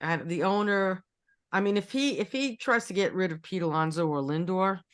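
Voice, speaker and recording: A woman in her sixties co-hosting a casual chat, telling stories in a lively way and often repeating words. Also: fairly low pitch, normal speed. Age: 60s. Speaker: co-host.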